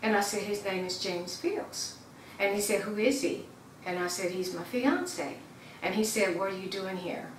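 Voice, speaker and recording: A woman's voice: mid-range voice, moderate pace. A woman giving earnest personal testimony, retelling events and acting out the dialogue, with some stammering. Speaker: community member giving testimony. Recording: roomy, distant mic, faint background noise.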